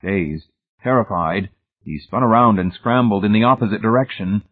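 Male audiobook narrator, low and husky, measured and suspenseful, phone-like lo-fi sound. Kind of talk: scripted narration.

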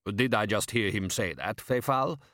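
A man's voice: lowish voice, normal speed, fairly bright tone, no room sound, clean studio sound, lightly acted. A man voicing a bewildered, blunt middle-aged sergeant who talks incredulously. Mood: baffled, grumbling.

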